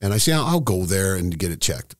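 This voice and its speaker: A middle-aged man tells a personal story candidly and emotionally, with halting restarts. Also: sits low, very animated, no room sound, clean studio sound. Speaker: estate planning seminar host, guest.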